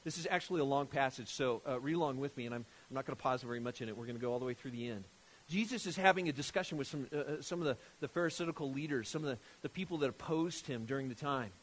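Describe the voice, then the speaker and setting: A man preaching a sermon, emphatic and animated, often restarting his phrases. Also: mid-range voice, quick pace. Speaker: pastor.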